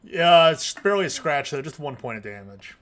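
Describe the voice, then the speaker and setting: A man narrating combat as game master of a tabletop game, in a deliberate, measured way. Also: on the high side, sing-song, a bit bright.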